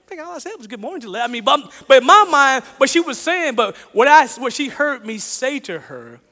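High, bright-voiced man preaching. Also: a little fast, big-room sound. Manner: animated storytelling, repeats phrases, chuckles. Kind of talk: sermon with personal story.

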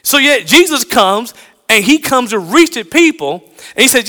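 A man from the American South preaching a sermon, swinging between loud emphatic lines and hushed low ones. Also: lively intonation, a little slow, in a large hall.

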